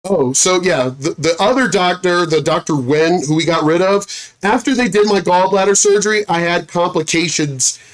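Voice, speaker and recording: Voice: mid-range voice, normal speed. A military veteran telling a personal story in a casual, blunt rant, swearing often and retelling conversations, and stumbling over and repeating words when worked up.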